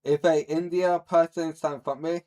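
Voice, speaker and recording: A man's voice: fairly high pitch, fairly even intonation, quick pace, mellow. A man on a live stream, ranting at his chat in a profane, mocking, hostile way. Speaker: livestreamer.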